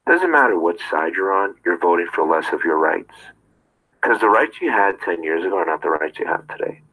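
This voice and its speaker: A man's voice: low voice, lively intonation, fairly quick, pushed and bright, rough recording. A man talking straight to his viewers in a confrontational rant, firing off rhetorical questions. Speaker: streamer. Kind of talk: ranting monologue to viewers.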